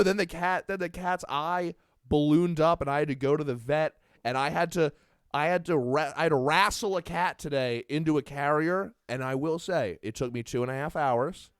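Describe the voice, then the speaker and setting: A man's voice: fairly high pitch, normal speed, smooth, no room sound, studio quality. A young man co-hosting a podcast who tells stories with animation and acts out the lines he quotes. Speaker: podcast co-host. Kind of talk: casual comedic chat.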